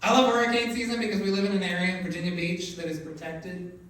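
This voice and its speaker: Middle-aged male stand-up, rambling and loud in bursts, high voice, recorded from a distance. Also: little pitch movement, fast. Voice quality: voice often taken for a woman's on the phone. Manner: rambling, filler-heavy delivery with sudden loud outbursts. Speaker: stand-up comedian. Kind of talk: stand-up set. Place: comedy club stage. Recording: echoey club, distant mic, noisy.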